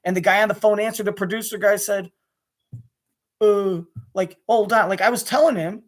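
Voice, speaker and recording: A man's voice: high-pitched, fairly even intonation. A man ranting angrily about being cut off as a sports radio caller, swearing and restarting his sentences. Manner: rapid, restless, with many restarts and swearing. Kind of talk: angry profane rant to camera.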